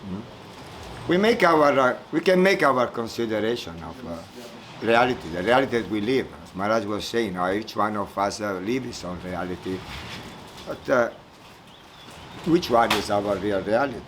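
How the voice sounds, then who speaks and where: A man giving a spiritual talk at a retreat, telling a folk story slowly and haltingly, searching for words and chuckling as he goes. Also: on the low side, animated, fairly bright tone, slight background noise, poor audio. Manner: halting, searching for words, many fillers and repeats. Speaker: spiritual teacher speaking at a retreat.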